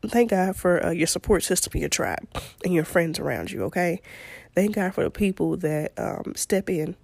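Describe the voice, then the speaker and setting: A woman, talking to her listeners in a chatty, laughing way. Her voice sits low and has a gravelly fry. The sound is dry and close. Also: animated, moderate pace, darkish tone, dry recording. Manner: chatty, laughs often, Southern-style "y'all". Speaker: podcast host. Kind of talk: casual storytelling monologue.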